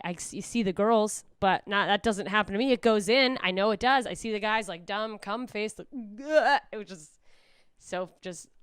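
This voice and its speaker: A young woman rambles through a self-deprecating stand-up set, speaking straight to a camera with no audience. Her delivery is deadpan, broken by sudden high squeals when she quotes people. The voice is smooth and clear, recorded close and dry. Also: no echo. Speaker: stand-up comedian. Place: club stage streamed with no live audience.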